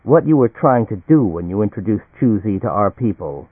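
A man voicing a grim, withdrawn male colonist who talks flatly and curtly. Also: lowish voice, moderate pace, breathy edge, dry recording. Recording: dry, tinny phone-like audio.

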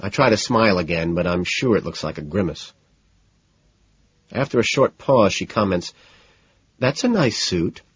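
A man narrating a novel in first person, with a measured, low-key delivery. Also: expressive, slightly rough, no room sound, muffled recording. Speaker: audiobook narrator.

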